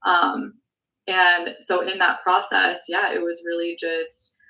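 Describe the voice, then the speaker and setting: A woman's voice: fairly low pitch, flat delivery, slow, sharp tone, far from the mic, poor audio. A woman sales producer sharing her story on a team call, earnest, full of "like" and "um", close to tears at times. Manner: heavy use of "like" and "um", earnest and emotional. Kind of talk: candid testimony on a team call.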